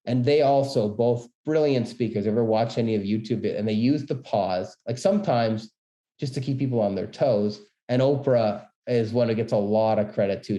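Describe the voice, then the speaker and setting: Fast-talking man in an echoey room. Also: mid-range voice. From Canada. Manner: fast, energetic talker with many quick asides. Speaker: business school dean giving a webinar talk. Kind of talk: presentation tips lecture. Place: room, webinar. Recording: roomy echo.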